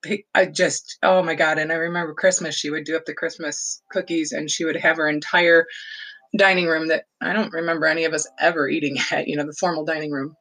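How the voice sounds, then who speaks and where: A woman's voice: sits low, steady tone, a little fast, a bit bright, poor audio. A woman casually telling a nostalgic family story, rambling with lots of fillers and laughs. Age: adult. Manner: fond, nostalgic recollection.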